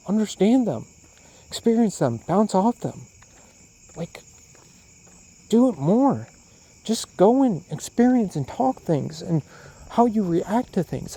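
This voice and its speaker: A solo podcaster rambles profanely outdoors at night, crickets and insects chirping behind him, animated and full of questions. His voice is fairly high and gravelly, and the recording quality is low.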